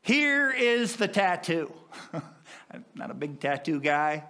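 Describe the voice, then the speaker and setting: A man preaching a sermon as pastor, with impassioned swells in pitch and volume. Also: pushed and bright.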